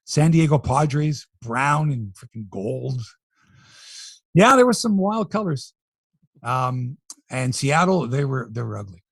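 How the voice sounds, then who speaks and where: A man's voice: medium pitch, gravelly, breathy edge, no room sound, clean studio sound. A man hosting a sports podcast, running through scores and riffing jokingly on the headlines in a casual chat.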